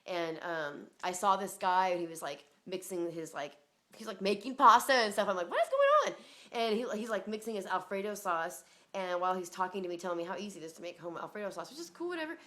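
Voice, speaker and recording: A woman's voice: on the low side, quick pace, bright, forceful tone. Rambling woman telling a story casually. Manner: rambling, many fillers and "like", swears, laughs often.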